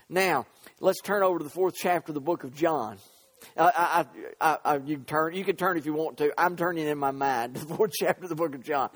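A man's voice: fairly high pitch, fairly quick. A man preaching a sermon, fervent and full of fillers and repeated words.

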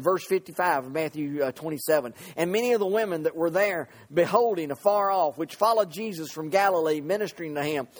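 A man preaching a sermon, retelling scripture in a halting way with many repeats and fillers, swinging from hushed lines to shouted ones. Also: sits high.

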